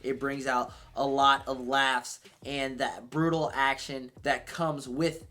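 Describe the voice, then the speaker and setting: A man giving a casual, excitable movie review, swearing freely as he reacts. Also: mid-range voice, takes it slowly.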